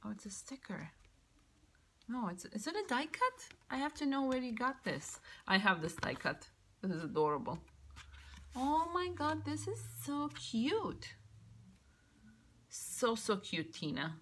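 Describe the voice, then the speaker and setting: A woman vlogger opening a birthday craft mail, gushing and excitable, now and then dropping into a whisper. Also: on the high side, unhurried, a little hiss or hum. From Canada. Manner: gushing, excitable, keeps exclaiming how cute things are. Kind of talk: casual show-and-tell unboxing.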